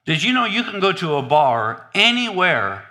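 A man preaching a sermon in an animated, humorous, conversational way. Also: sits high, normal speed.

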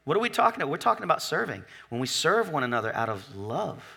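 A man's voice: on the high side, sing-song, fast talker, creaky, pushed and bright, husky. A male pastor preaching a sermon in a conversational, joking way, often asking the congregation if they are with him.

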